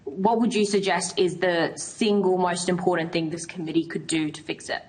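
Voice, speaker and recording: A woman questioning witnesses in a parliamentary committee, measured and formal. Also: fairly low pitch, steady tone, a little mellow, low-quality recording.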